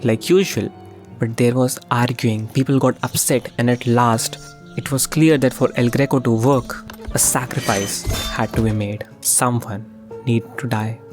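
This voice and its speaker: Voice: medium pitch, fairly even intonation, measured pace, a little mellow. A young YouTuber narrating comedic commentary, profane and playful, swinging between tones. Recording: faint music behind the voice.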